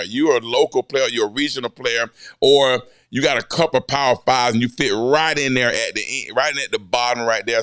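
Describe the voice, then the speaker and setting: A man's voice: mid-range voice, a bit bright, smooth, no echo, clean studio sound. A man hosting a coaching podcast, making his points emphatically and checking in with repeated questions. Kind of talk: podcast conversation.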